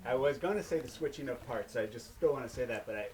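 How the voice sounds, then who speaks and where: A man's voice: medium pitch, fast, darkish tone, a little hiss or hum. A man in a workshop group, speaking hesitantly and thinking aloud as he asks a question. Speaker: workshop participant. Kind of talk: question from the floor. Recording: distant voice in a group room. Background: other participants in the room.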